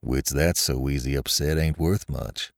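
A man doing a gruff, scornful farmer husband. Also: a bass voice, a little slow, dry recording, clean studio sound, pitched below the performer's own voice, heavily acted. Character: stern, stolid old farmer husband.

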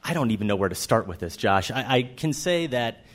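A man's voice: medium pitch, animated, brisk. A man co-hosting a film podcast live on stage, bantering in a playful, self-deprecating way. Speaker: podcast co-host. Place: live stage before an audience.

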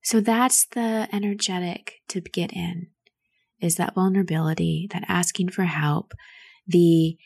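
A woman hosting a show and coaching a caller through grief in a soft, soothing, nurturing way. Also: on the low side, fairly even intonation, a little slow, gravelly, breathy edge, no echo. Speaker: host giving advice to a caller. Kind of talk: gentle coaching on a call.

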